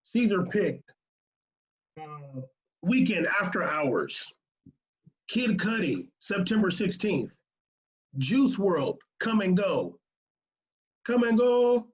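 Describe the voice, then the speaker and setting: A man with a high voice chats casually as a podcast co-host. He laughs often and rattles off lists of picks. The sound is a little muffled. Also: very animated, takes it slowly, long pauses. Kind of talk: casual chat.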